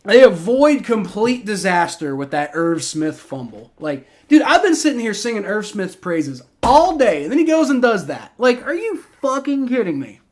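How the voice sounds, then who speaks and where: Young guy streaming a football game reaction, kinda high voice, excitable, rambles and swears a lot. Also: moderate pace, hardly any pauses. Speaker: livestream host. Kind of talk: live game reaction and play-by-play.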